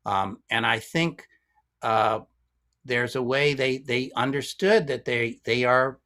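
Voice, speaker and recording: A man's voice: mid-range voice, sharp tone. A man in his fifties, a guest violinist, explaining ideas in a casual discussion, thoughtful and rambling with frequent restarts.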